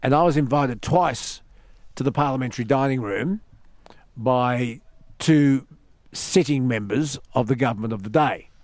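An Australian radio host tells stories through casual banter in a medium-pitched, unhurried voice with no echo. He's a storyteller who hammers his points home with emphatic repetition.

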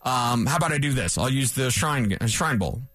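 A man in his forties hosting a sports radio show, rambling and animated, correcting himself as he goes. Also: medium pitch, moderate pace, dry recording. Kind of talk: casual sports talk radio monologue. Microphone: studio microphone.

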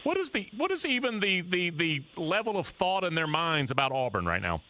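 A man's voice: on the high side, sing-song, fairly quick, pushed and bright. A man hosting a sports radio show, casual and folksy as he asks his guest questions. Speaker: radio host.

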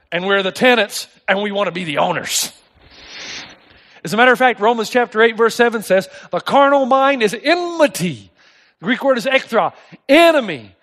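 A middle-aged male pastor preaching a sermon, telling stories in an animated way and acting out the voices of people in them. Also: very high-pitched. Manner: animated storytelling, acts out voices in anecdotes.

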